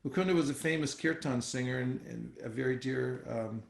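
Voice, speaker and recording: A man leading an informal scripture class, talking in a relaxed, conversational way with many fillers and restarts. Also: medium pitch, brisk, gravelly. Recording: roomy echoey sound.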